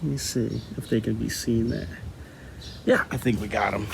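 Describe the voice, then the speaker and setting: A man's voice: on the low side, moderate pace, vocal fry, noisy background. A man who teaches art, talking casually and thinking aloud while he draws. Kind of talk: casual talk-along art lesson.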